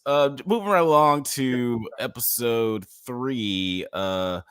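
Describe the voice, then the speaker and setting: A man's voice: medium pitch, slow, a bit bright, clean tone, dry recording, studio quality. A man hosting a casual podcast chat, recapping episodes and asking his co-hosts questions. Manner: leads the discussion with recaps and questions. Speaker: podcast host.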